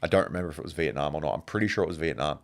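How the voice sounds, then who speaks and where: A man hosting a podcast, telling stories in a casual, animated monologue and swearing freely. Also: very deep voice, rapid-fire, gravelly. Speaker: podcast host.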